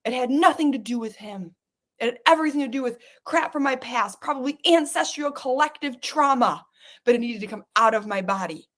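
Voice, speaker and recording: A woman's voice: on the high side, brisk, fairly bright tone. A woman hosting a podcast, leading listeners through a guided exercise with urgent, coaxing, repeated commands. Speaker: podcast host guiding listeners.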